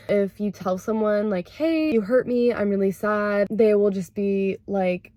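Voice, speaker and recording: A young woman chatting casually to camera about therapy, lively and expressive, acting out quoted lines with big jumps in pitch. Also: moderate pace, hardly any pauses, no echo. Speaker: vlogger sharing therapy insights.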